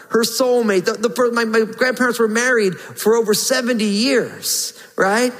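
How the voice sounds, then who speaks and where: A man's voice: very high-pitched, a bit bright, long reverb tail, poor audio. A male pastor giving an earnest, emphatic sermon and reading scripture aloud.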